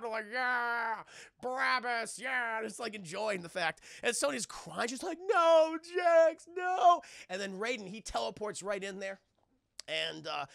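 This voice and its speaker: Gravelly, high-pitched animated streamer man. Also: no room sound, clean studio sound. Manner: animated, profane, talks to chat. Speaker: streamer and film reviewer. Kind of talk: casual live-stream film recap.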